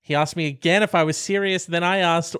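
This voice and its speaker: A man co-hosting a casual chat, telling stories in a wry, animated way and swearing along the way. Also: a little high, brisk, clear, resonant tone, no echo, studio quality. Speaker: podcast co-host reading questions.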